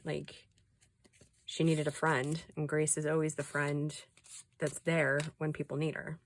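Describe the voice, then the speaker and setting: Middle-aged woman vlogger, low voice, chatty and confiding while crafting. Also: gravelly. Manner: chatty, indignant, confiding asides. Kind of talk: casual chat while doing a craft.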